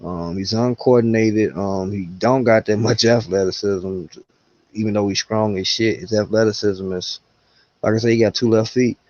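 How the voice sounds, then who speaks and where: A man's voice: on the low side, fairly even intonation, moderate pace, darkish tone, dry recording. A man talking boxing in a blunt, slangy, profane way as a podcast co-host. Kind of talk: casual boxing chat. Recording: dull dry lo-fi audio.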